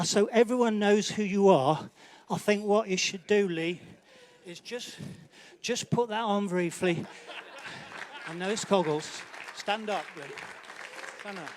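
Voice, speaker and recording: High-voiced man teasing guests, emcee. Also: no room sound. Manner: joking, teasing guests by name. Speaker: awards night host. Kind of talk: live emcee banter while walking between tables. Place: large indoor banquet hall.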